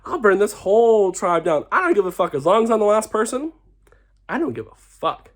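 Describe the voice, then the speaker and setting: A man's voice: sits high, sing-song, brisk. A young man who is tipsy, giving a dramatic, theatrical reality-show confessional and acting out what others said. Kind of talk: confessional to camera.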